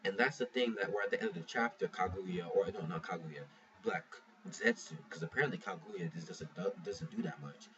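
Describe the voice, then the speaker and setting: Picked up by a muffled, lo-fi mic at a distance with faint hiss, this man chats loosely about a manga chapter. His low voice is expressive, brisk, and fairly bright, full of profanity, rambling, and frequent sentence restarts.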